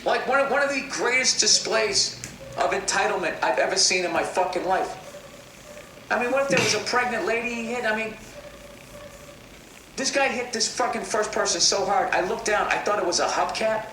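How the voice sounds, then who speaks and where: A man with a high, bright voice tells a comedic story with a lot of profanity. He sounds animated. The recording is roomy and distant, with faint noise behind him. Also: normal speed.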